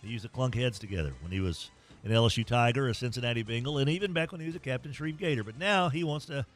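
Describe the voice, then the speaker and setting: A man's voice: medium pitch, fast, faint music behind. A man hosting a sports talk show, folksy and joking as he rambles through scores and a sponsor read. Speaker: sports talk radio host.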